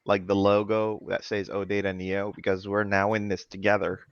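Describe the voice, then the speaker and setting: A man hosting a casual chat over a video call, lively and laughing often. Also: fairly low pitch, normal speed, clean tone, dry recording, muffled recording. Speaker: host.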